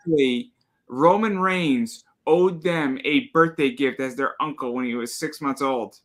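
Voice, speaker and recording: A man chatting excitedly on a podcast, enthusiastic and cursing casually. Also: medium pitch, normal speed.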